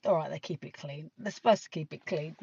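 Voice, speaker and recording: A woman's voice: low voice, fairly quick, gravelly, breathy edge. Chatty British woman live-streaming, lo-fi. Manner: rambling, chatty, laughs often, swears casually. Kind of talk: casual live-stream chat. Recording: dull lo-fi sound.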